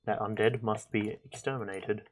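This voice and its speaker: A young man with a fairly low voice chats casually while streaming a game. He rambles and thinks out loud, trailing off into fillers and restarting his sentences. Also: little pitch movement, moderate pace, a little hiss or hum. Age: young adult. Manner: rambling, chatty, thinks aloud with many fillers. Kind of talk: casual gameplay commentary.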